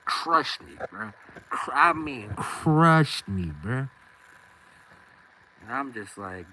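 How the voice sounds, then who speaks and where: A man's voice: fairly high pitch, expressive, measured pace, a bit bright, rough recording. A man telling a story from his own life in casual street slang, acting out the scenes as he goes.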